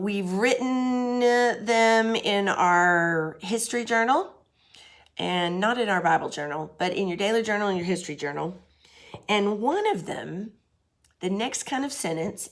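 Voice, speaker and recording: A middle-aged woman with a bright, clear voice gives a recorded grammar lesson to young children. She explains patiently, asks questions and uses everyday examples, keeping her tone steady and mid-pitched. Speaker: teacher.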